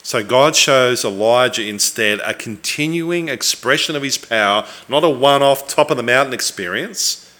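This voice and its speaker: A man preaching a sermon, earnest and reflective, with thoughtful pauses and the odd restart. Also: mid-range voice, sharp tone.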